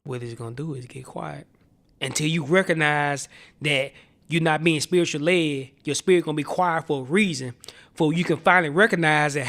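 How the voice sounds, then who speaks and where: Impassioned preaching man, higher voice. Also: normal speed. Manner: impassioned preaching, dropping to hushed tones. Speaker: pastor. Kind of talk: sermon on a streamed show.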